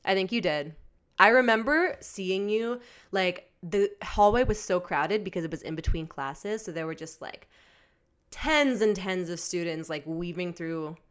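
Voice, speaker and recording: A woman in her twenties co-hosts a podcast, chatting casually with a lowish, smooth voice at a measured pace. She's an animated storyteller who teases her friend as she tells her stories.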